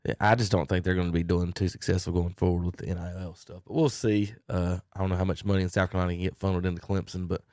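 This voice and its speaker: A man's voice: low-pitched, little pitch movement, racing, hardly any pauses, a little mellow, dry recording, clean studio sound. A man hosting a casual sports talk show, joking and laughing as he runs through picks. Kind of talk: casual sports radio banter.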